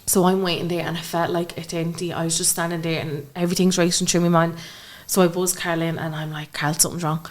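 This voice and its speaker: Young irish woman, rapid-fire storytelling, lower voice, keeps acting out who said what. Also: little pitch movement. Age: young adult. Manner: recounts events by acting out quoted dialogue. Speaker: podcast guest. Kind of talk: emotional personal storytelling in conversation.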